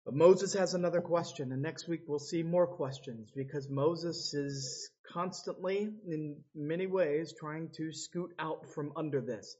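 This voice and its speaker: Slow, husky-voiced man preaching a sermon. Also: a little high, darkish tone, lo-fi sound. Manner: dramatic, acts out biblical voices. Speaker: pastor.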